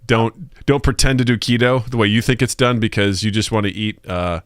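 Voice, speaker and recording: A man's voice: a little fast, clean tone, dry recording. A man co-hosting a casual podcast, his voice jumping way up whenever he acts out what someone said. He laughs often, and the sound is close and dry. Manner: animated storyteller, acts out quotes in a high voice. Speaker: podcast co-host. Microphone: podcast mic.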